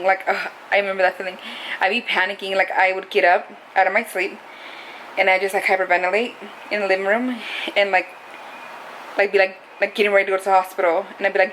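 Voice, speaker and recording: A woman's voice: mid-range voice, little pitch movement, brisk, pauses often, a bit bright, a little hiss or hum, rough recording. A young adult woman talking to camera in a casual, confessional vlog, rambling and saying "like" a lot. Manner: rambling, heavy use of "like". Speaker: vlogger.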